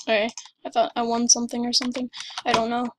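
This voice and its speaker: A woman giving excited commentary over her gameplay, gushing and exclaiming breathlessly. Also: on the high side, quick pace, noisy background. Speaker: gamer.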